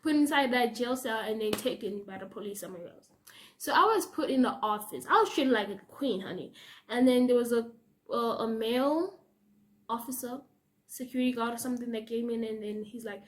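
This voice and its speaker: Young south african woman, high voice, storytime vlog, animated, laughs a lot, acts out quotes. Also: brisk. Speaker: YouTuber.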